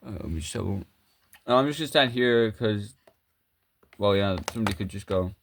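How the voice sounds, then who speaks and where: A man performing a crude, improvised comedy skit with toys, swearing and rambling as his voice jumps between high and low. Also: a little fast, slight background noise.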